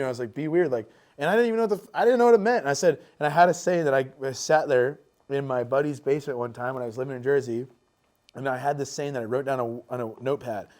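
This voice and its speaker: A man's voice: medium pitch, a little mellow. Rambling, swearing podcast guest, man. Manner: rambling, swears freely, many fillers like "like" and "dude". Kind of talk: casual chat.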